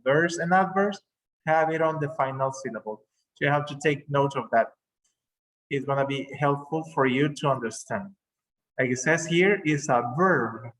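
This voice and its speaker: A man's voice: on the high side, fairly bright tone, poor audio. A man who speaks Spanish as a first language, teaching an English class on a video call in a patient manner, repeating words for emphasis.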